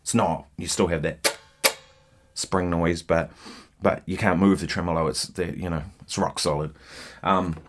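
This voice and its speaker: A man giving a casual guitar lesson, chatting in a relaxed, rambling way with lots of fillers and asides, guitar in hand. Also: low-pitched, measured pace, long pauses. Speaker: guitar teacher. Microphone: single mic, holding guitar while talking.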